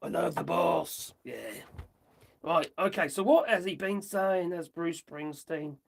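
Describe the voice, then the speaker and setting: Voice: mid-range voice, measured pace, creaky. A host chatting loosely on a livestream, rambling, giggling and muttering while reading off a phone. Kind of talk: casual livestream chat reacting to viewers.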